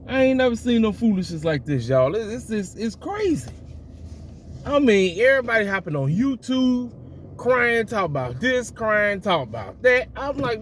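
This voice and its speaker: A man ranting in casual, slangy commentary as a wrestling vlogger, animated and exasperated, recording in a car. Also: high voice, slight background noise.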